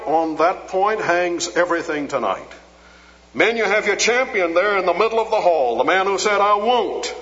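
A man preaching a sermon, retelling a story with dramatic rises for quoted lines and sinking low and soft when he prays. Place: large auditorium. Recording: dull lo-fi sound with long hall reverb.

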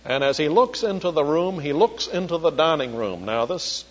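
An older man, from Charleston, preaching an expository sermon and slowing down when he quotes scripture. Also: fairly high pitch, lively intonation. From Charleston, South Carolina. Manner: slows down to quote scripture, teacherly. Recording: dull lo-fi recording, long hall reverb.

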